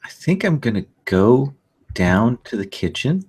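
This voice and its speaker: A man's voice: mid-range voice, big pitch swings, measured pace, darkish tone, slightly rough. A man playing a tabletop role-playing game, stammering and wry. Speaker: player.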